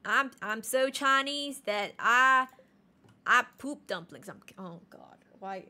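Late-twenties woman streamer, loose and teasing, laughs at herself, voice sits a bit high. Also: takes it slowly. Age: late 20s. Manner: animated, joking and self-mocking. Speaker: game streamer. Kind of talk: casual live-stream chat.

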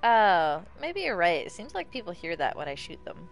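A woman streaming live gameplay commentary, swearing freely and yelling at the game. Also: on the low side, big pitch swings, moderate pace, soft background music. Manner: profane, exclaiming, talks to the game.

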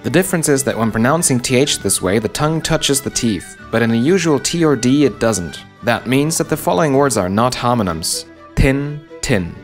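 A man's voice: medium pitch, expressive, fairly quick, hardly any pauses, soft background music. A man whose first language is German, narrating a linguistics lesson in a sarcastic, irreverent, jokey way. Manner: sarcastic, irreverent, swears for comedy. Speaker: linguistics video host. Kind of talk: scripted narration with jokes.

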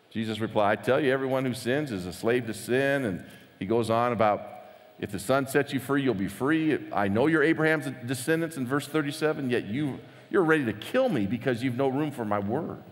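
A man preaching a conversational sermon as pastor, animated and lively, acting out the quotes he tells. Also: mid-range voice, fairly quick, long reverb tail.

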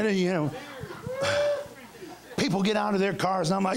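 A middle-aged male pastor preaching a revival sermon, telling stories and acting out his own past outbursts with shouts, in a church. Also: high voice, fairly even intonation, brisk, pauses often. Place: church sanctuary.

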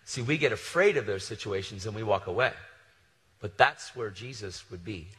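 Preacher guy telling a story, casual and slangy, low-ish voice, long hall echo. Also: normal speed. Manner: casual and animated, slangy asides. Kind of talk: storytelling sermon.

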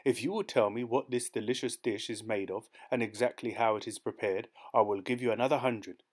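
A man voicing a naive, excitable seventeen-year-old boy who speaks in a fussy, formal way. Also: medium pitch, a little fast, close to an everyday voice. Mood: eager.

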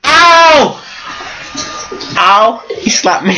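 A goofy, excitable man giving casual commentary while playing a block-building game at home. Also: mid-range voice, unhurried, over music, rough recording. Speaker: Minecraft let's player. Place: room at home.

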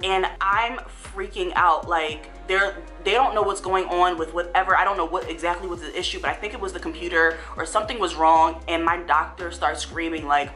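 A young woman vlogger telling a painful personal story in a halting way, full of fillers and restarts, at times near tears. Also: fairly low pitch, bright, forceful tone, faint music behind. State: tearful, voice breaking.

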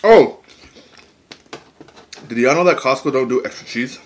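A man hosting a mukbang, chatting excitedly to viewers while eating. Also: medium pitch, fast. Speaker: mukbang host. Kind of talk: casual eating vlog.

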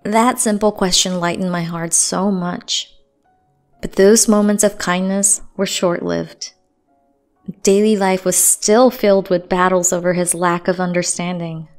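A woman narrating a dramatic first-person story in a steady, earnest voice. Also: on the low side, measured pace. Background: faint music.

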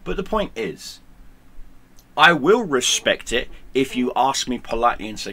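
A male gaming streamer rants angrily at the camera, sarcastic and combative, swearing heavily. His mid-range voice is sing-song, pushed and bright, at a normal speed.

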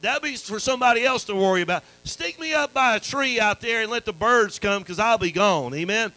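A man's voice: high voice, fairly quick, bright, forceful tone, rough recording. A man preaching a sermon as pastor, calling out to the congregation and restarting phrases. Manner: call-and-response preaching, repetitive restarts.

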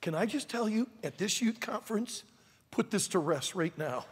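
A man preaching a storytelling sermon to a youth conference in an animated, dramatic way. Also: high voice, moderate pace, husky. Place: large church auditorium. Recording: reverberant large hall.

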